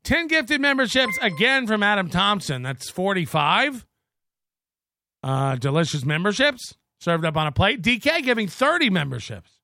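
A man's voice: sits high, big pitch swings, normal speed, pushed and bright, dry recording. A man hosting a livestream, ranting angrily with mocking, profane jabs. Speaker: livestream host.

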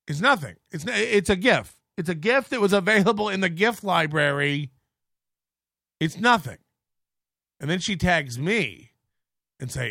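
A man's voice: fairly high pitch, big pitch swings, normal speed, long pauses, bright, forceful tone, no room sound, studio quality. A male show host ranting crudely and mockingly about a viewer dispute, laughing at his own jokes.

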